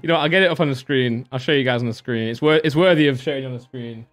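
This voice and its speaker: A young man hosting a live stream, chatty and excitable, laughing often and giving shout-outs to viewers. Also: medium pitch, quick pace, soft background music. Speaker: live-stream host opening card packs.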